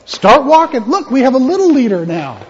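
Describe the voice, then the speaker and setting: A man's voice: very high-pitched, very animated, a little fast, slight background noise. A man, a pastor, giving a playful, interactive children's sermon in a church. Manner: playful, interactive, gently teaching. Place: church sanctuary. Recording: echoey church hall, dull lo-fi.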